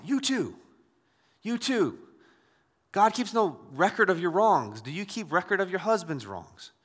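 Bright-voiced pastor preaching in a hall. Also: male voice, high voice. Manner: conversational preaching with acted asides. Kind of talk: sermon.

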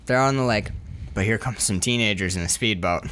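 A podcast co-host excitedly retelling movie scenes with swearing and laughter. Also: medium pitch, brisk. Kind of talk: casual movie-review banter.

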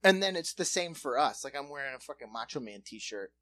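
A man in casual podcast chat, telling a profane, animated story and slipping into quick character voices. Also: mid-range voice.

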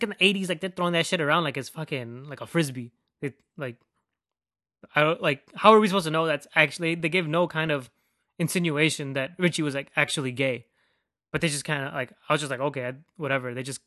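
A man's voice: a little high, fast talker, pushed and bright, dry recording, studio quality. A man hosting a podcast in a casual, rambling rant, swearing freely and filling his speech with "like.". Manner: rambling, profane, heavy use of "like". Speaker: podcast host.

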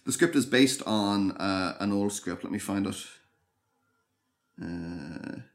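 A podcast co-host with a fairly low male voice chats casually, relaxed and thoughtful. He often pauses and starts his sentences over as he works through an idea, sounding hesitant.

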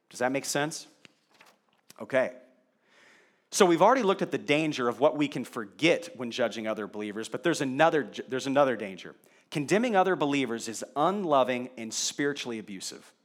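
A male pastor preaching a sermon in a conversational way, asking the congregation rhetorical questions. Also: mid-range voice.

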